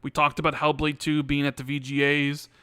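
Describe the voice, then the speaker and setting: A man co-hosting a casual podcast, with a slightly high, smooth and clear voice. He rambles with plenty of fillers while reading viewer questions aloud. The recording is close and dry. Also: level tone, brisk, bright, forceful tone, dry recording. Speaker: podcast co-host.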